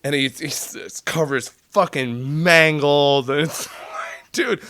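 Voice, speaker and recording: Man, podcast storyteller; profane, animated, does the voices. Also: a little high, slow pace. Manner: profane, animated, acts out dialogue. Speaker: podcast guest telling military stories. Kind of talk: casual storytelling.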